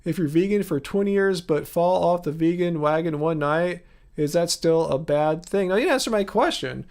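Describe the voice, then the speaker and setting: A man's voice: fairly high pitch, normal speed, darkish tone. A man in his forties hosting a casual livestream, earnestly questioning viewers in chat with many restarts. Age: 40s. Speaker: livestream host answering chat. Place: home studio.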